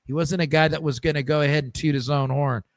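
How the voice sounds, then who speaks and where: A man's voice: on the high side, quick pace, gravelly, dry recording. Upbeat man hosting a chatty podcast. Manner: lively storyteller, many restarts and repeated words. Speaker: podcast host. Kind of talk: casual chat.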